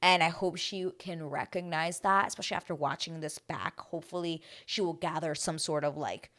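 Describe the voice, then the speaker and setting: A woman giving a casual, chatty recap of a reality show, talking animatedly and filling her sentences with "like.". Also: moderate pace. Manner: animated, heavy use of "like", dramatic swings in pitch and loudness.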